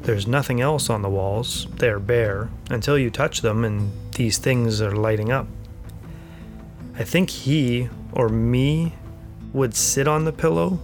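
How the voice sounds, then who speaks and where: Male host reading a first-person story aloud, measured and plain, mid-range voice, faint music bed. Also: medium pitch. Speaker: podcast host. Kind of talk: scripted first-person narration.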